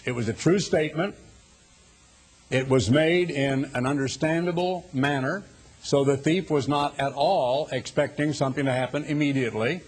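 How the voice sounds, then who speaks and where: An older man giving a sermon, speaking deliberately and slowing down to stress key words. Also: a little high, darkish tone, husky. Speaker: preacher.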